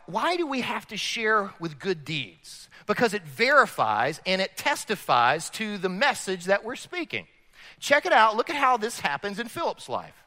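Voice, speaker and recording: Male pastor, bright and animated sermon delivery in a big echoing sanctuary. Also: high voice. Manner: animated preaching, rises and drops in volume. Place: church sanctuary.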